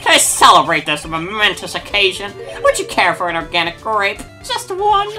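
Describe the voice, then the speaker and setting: A woman voicing a loud, jokey male circus clown who cackles at his own puns. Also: medium pitch, sing-song, normal speed, faint music behind, voice pushed up. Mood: boisterous.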